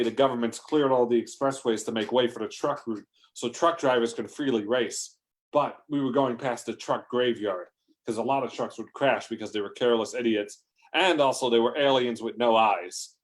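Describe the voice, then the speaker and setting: A man telling a rambling, improvised comedic story, interrupting himself and breaking into shouted lines. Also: mid-range voice.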